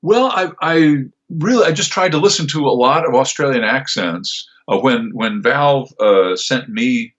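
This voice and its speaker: On dull-sounding audio, an older voice actor gives casual interview answers at a measured pace with few pauses, his medium-pitched voice fairly bright. His manner is rambling, with many fillers and restarts.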